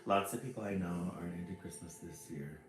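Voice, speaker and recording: A man's voice: brisk, a little hiss or hum. Cheery man hosting a livestream chat. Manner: cheery, pitch jumps up when greeting people by name. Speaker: livestream host. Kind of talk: casual livestream chat greeting viewers. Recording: roomy echo with faint music behind.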